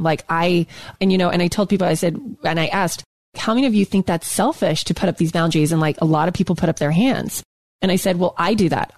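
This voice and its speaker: Woman, podcast co-host, casual chat, emphatic, repeats words, lowish voice, dry sound. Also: darkish tone, no echo.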